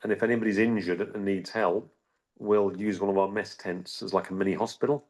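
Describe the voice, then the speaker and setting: A middle-aged man telling a personal story in an interview, halting, with frequent restarts and repeated words. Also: lowish voice, steady tone, a little mellow. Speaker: interview guest.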